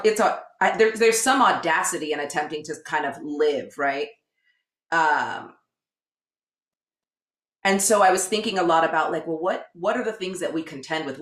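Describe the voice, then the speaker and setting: A woman's voice: low-pitched, a bit bright. A woman in her thirties, an educator and guest, telling her story in a thoughtful, searching way, often restarting her sentences. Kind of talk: reflective conversational storytelling. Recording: roomy echo.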